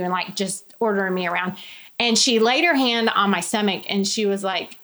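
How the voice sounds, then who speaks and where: A woman's voice: mid-range voice, fairly quick, fairly bright tone. A woman, telling a personal story as an interview guest in a candid, chatty way with many quoted asides. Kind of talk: personal testimony in casual conversation.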